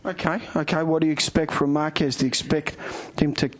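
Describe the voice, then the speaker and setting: A man with an Australian accent hosting a boxing show, asking long, energetic leading questions. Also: fairly high pitch, fairly quick. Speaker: boxing show host, interviewer. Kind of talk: TV interview. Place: indoors in the Philippines.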